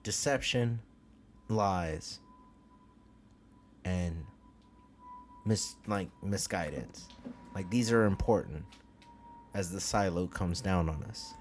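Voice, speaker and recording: A man's voice: low-pitched, slow pace, pauses often, a little hiss or hum. A man co-hosting a podcast, chatting casually and arguing his point, fumbling words and swearing. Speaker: podcast co-host. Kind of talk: casual chat.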